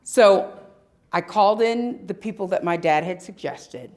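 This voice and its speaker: A woman giving a live talk at an expo, telling personal stories with emphatic, dramatic pauses. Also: medium pitch, darkish tone. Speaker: speaker at a spirituality expo. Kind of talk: live storytelling talk to an audience.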